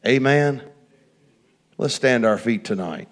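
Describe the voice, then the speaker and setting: A middle-aged man preaching a sermon, telling a personal story and swinging from hushed asides to loud, fervent passages. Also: mid-range voice, animated, takes it slowly.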